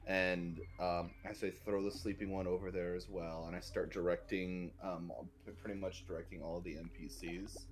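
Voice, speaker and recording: Deep-voiced man playing a tabletop game. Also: normal speed, few pauses. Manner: relaxed, with many fillers. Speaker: player. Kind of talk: casual tabletop play.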